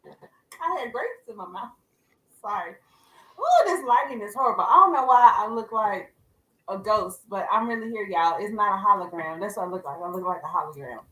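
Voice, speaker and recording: Bright, giggly woman podcast host. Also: medium pitch, animated, normal speed. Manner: giggly, playful. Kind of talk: casual chat. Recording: echoey room.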